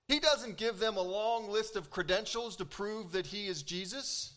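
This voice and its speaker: A pastor with a voice that sits high preaches a sermon, animated and emphatic. He acts out quoted lines and uses dramatic pauses.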